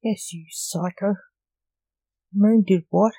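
A woman voicing a gruff male grim reaper, father and emperor, in a storybook reading, in her own plain voice. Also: medium pitch, fairly even intonation, slow pace, mellow, no room sound, low-quality recording.

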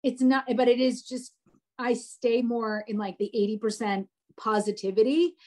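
A woman in her forties talking in a casual podcast chat, animated and rambling with frequent restarts. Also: a little high, normal speed. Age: 40s. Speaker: podcast guest.

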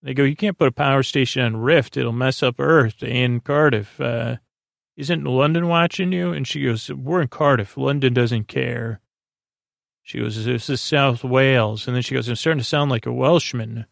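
Gravelly man casually recapping a story. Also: mid-range voice, normal speed, dry recording, studio quality. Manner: rambling retelling, lots of "uh" and "she goes". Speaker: podcast host.

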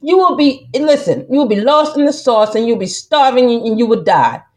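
A woman's voice: on the high side, lively intonation, normal speed, a little mellow. Emphatic, preachy woman podcast host. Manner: emphatic, preachy, keeps saying "listen"; rambling with many fillers and restarts. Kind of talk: casual monologue podcast.

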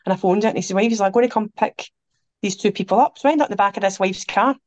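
Scottish woman guest spinning animated anecdotes; middle pitch, dry close-mic sound. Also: rapid-fire, dry recording. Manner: animated, quotes people, laughs through her stories. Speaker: podcast guest. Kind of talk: anecdotal storytelling chat.

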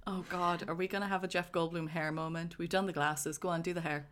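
A woman's voice: lowish voice, fairly even intonation, brisk, fairly bright tone. A woman co-hosting a casual podcast, talking about a film in a chatty way and laughing often. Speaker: podcast co-host.

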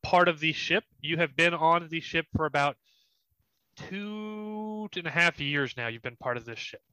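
A man running a tabletop game as dungeon master, describing scenes with pauses and fillers. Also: fairly high pitch, sharp tone, clean tone, dry recording. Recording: slightly muffled dry recording.

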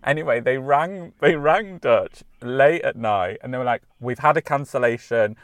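A man's voice: medium pitch, moderate pace, no echo. A man co-hosting a podcast, telling an anecdote in casual chat with laughter. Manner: chatty, laughing, storytelling. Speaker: podcast co-host.

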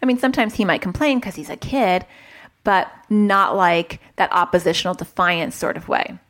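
A woman's voice: lowish voice, fairly bright tone. Chatty woman therapist giving parenting advice. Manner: chatty, self-interrupting, acts out dialogue. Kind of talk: advice talk to camera.

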